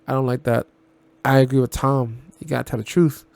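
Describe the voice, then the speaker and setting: A man's voice: mid-range voice, steady tone, brisk, gravelly, a little mellow. A man talking casually as a reaction video host, rambling, restarting and repeating himself, blunt and given to swearing.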